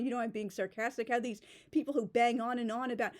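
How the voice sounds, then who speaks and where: A woman's voice: fairly high pitch, a little fast, hardly any pauses, a little mellow. A woman blogger giving casual spoken commentary, rambling and sarcastic, with many "like" fillers. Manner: rambling and sarcastic, heavy use of "like". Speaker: blogger reflecting on a writing community.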